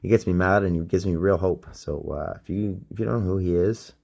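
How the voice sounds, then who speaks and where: A man's voice: low voice, brisk, vocal fry, darkish tone. A man hosting a solo podcast, rambling and ranting with heavy swearing, recorded on a phone used as a microphone. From Canada. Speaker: podcast host.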